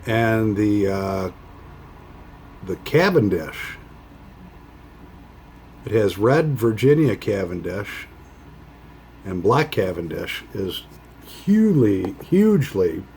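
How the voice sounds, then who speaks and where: Slow, low-voiced man hosting a pipe vlog. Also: animated, slight background noise. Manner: rambling, halting, with many fillers and restarts. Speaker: pipe-smoking channel host. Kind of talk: casual chat vlog while smoking a pipe.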